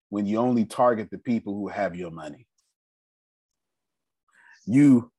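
A man's voice: mid-range voice, darkish tone, breathy edge, dry recording, studio quality. A man leading a group meeting with a motivational talk, emphatic and preachy, repeating his phrases and using casual slang. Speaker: meeting leader.

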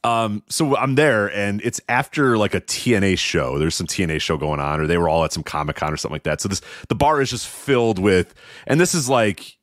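A man's voice: on the low side, a little fast, dry recording, clean studio sound. A man with a Chicago accent, co-hosting a wrestling podcast and telling rambling stories with frequent laughs. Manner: rambling storyteller, laughs often. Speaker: podcast co-host. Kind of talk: casual chat.

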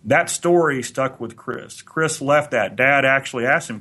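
A man's voice: mid-range voice, unhurried, bright, forceful tone, slightly rough. Man telling a rambling story. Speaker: podcast co-host. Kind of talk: anecdotal storytelling.

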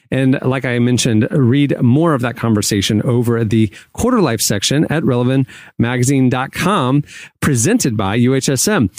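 Excitable podcast host man, lively pitch. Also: dry recording, clean studio sound. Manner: enthusiastic, quick to cheer along. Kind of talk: casual chat and sign-off announcements.

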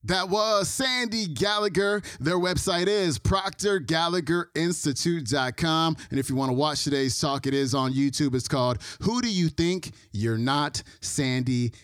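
A man hosting a podcast, giving a relaxed, casual outro. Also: fairly high pitch, a little slow, hardly any pauses, clear, resonant tone, no echo. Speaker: podcast host. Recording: music bed under voice.

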